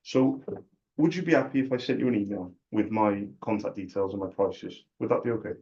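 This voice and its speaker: A man's voice: on the low side, brisk, a little mellow, husky, lo-fi sound. A man making a friendly cold sales call, chatty and jokey, making fun of himself. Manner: chatty, jokey and self-deprecating.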